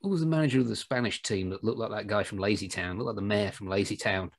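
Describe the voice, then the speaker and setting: A man's voice: lowish voice, fast, vocal fry. Jokey man rambling through banter. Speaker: podcast co-host. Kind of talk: casual chat.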